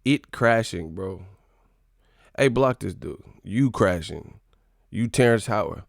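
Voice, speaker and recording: A man with a Californian accent hosting a casual live stream, loud and joking, swearing and laughing a lot. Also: on the low side, lively intonation, slow, vocal fry, no room sound, clean studio sound.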